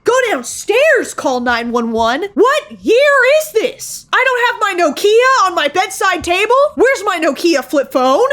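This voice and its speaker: High, bright-voiced excitable woman streamer. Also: a little slow, hardly any pauses. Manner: excitable, swearing, shrieking, laughing. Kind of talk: casual horror game commentary. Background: faint game music.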